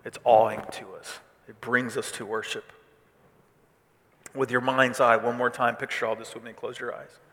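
A male pastor from Missouri preaching a sermon with animated delivery, swinging between loud declarations and hushed asides. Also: mid-range voice, moderate pace, slight background noise. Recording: reverb of a large hall.

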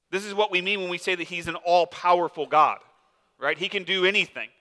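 Casual male pastor, bright and slightly high voice, conversational preaching, reverberant sanctuary. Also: fairly quick. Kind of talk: sermon.

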